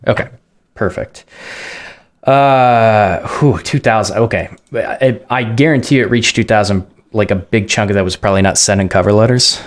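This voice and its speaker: A man's voice: fairly low pitch, normal speed. A man hosting a video call interview, talking casually with fillers, on a headset. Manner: conversational, frequent fillers. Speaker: host.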